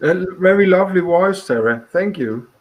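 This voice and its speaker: A man from Scotland, speaking with a fairly high voice. He talks in a halting way, stopping often to search for words as a guest on a chat show. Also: animated. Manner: hesitant, full of pauses and "uh"s. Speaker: guest caller. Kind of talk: casual chat.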